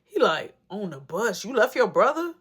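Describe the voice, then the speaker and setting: A woman's voice: mid-range voice, sing-song, moderate pace, a bit bright, husky. A woman telling a casual story, acting out both sides of the dialogue in a rambling, back-and-forth way. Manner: rambling retelling with many repeats of "I'm like".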